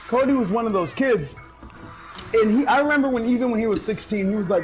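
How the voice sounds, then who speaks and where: A male gaming streamer telling a story in casual chat, loud and profane, bursting into laughter, and high while he talks. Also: animated, moderate pace, pauses often, faint music behind, low-quality recording. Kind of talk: casual storytelling over gameplay.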